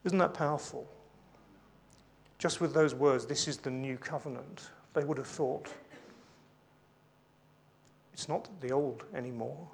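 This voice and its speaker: A man's voice: medium pitch, normal speed, vocal fry. Man, preacher, sermon, conversational asides, emphatic scripture reading, light humour. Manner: reads scripture aloud with emphasis, then speaks in a conversational aside.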